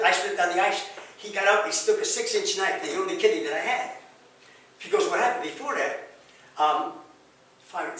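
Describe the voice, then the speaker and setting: An older man, a pastor, telling his life testimony in an animated way, acting out the dialogue and sound effects, recorded far off in an echoey room. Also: high-pitched. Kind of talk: personal testimony storytelling.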